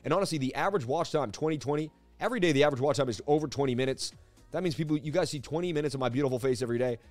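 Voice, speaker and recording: A man's voice: fairly high pitch, racing, no echo, faint music behind. Upbeat man rambling through a live chart analysis. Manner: energetic, rambling, jokey. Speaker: crypto market analyst host. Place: seated at a desk indoors.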